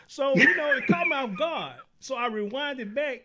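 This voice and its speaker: A man with a notably high speaking voice hosts a casual talk show. He rambles through stories in a loose, profane, conversational way, tossing in "dude" and "brother" as he goes. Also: animated, moderate pace, crowd noise. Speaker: show host.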